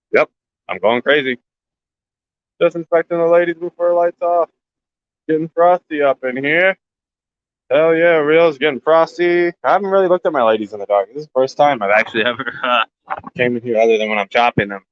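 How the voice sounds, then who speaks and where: A man's voice: on the high side, fairly quick, muffled recording, a little hiss or hum. A man hosting a casual walkthrough vlog, rambling and joking, short on sleep. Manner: rambling, jokey, talks to his plants. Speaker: grow channel host.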